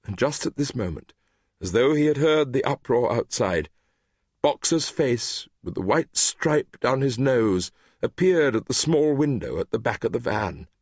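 A man narrating a story in a measured, expressive reading voice, recorded close to the mic. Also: mid-range voice, husky, no room sound. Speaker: audiobook narrator.

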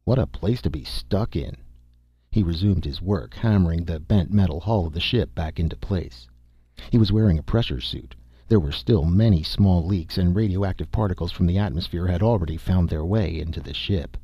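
A man narrating a science fiction story in a steady, measured reading voice, with a husky tone. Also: low voice, no echo, muffled recording. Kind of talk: audiobook narration.

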